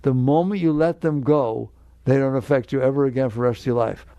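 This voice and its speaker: An older man with a gravelly voice gives a spiritual talk, direct and emphatic. His tone is dark and mellow, and the recording is dry and close. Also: mid-range voice, brisk, no room sound. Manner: emphatic, direct, acts out inner voices in quotes. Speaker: spiritual teacher.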